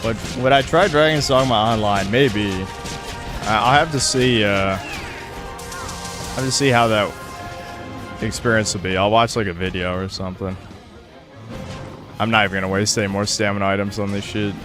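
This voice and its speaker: A man's voice: on the low side, normal speed, long pauses, music in the background. A man streaming a video game, who grumbles, swears at the game and chats casually with his viewers. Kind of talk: casual live-stream commentary.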